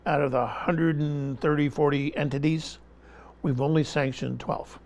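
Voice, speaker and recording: The man's voice is slightly high and a little mellow, with fairly even intonation and an unhurried pace. He's an interview guest whose political commentary is impassioned and emphatic; he presses the same point again and again and talks over interruptions.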